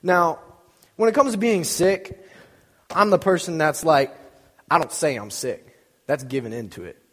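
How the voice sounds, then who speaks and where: A man's voice: fairly high pitch, a little slow, fairly bright tone, breathy edge. A young man giving an informal sermon, chatty and joking, acting out little scenes as he tells stories. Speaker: preacher. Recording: long hall reverb.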